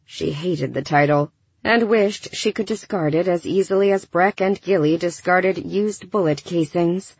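A woman narrating a science fiction audiobook in a measured, even storytelling manner. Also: fairly low pitch, slightly rough, dry recording. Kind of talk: scripted narration. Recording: dull dry studio recording.

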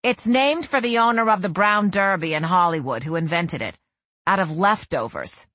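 A woman voicing a loud, wealthy audiobook character who speaks bluntly through a nasal tone. The voice sits low and a little husky. The recording is close and dry. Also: lively intonation, moderate pace, no room sound.

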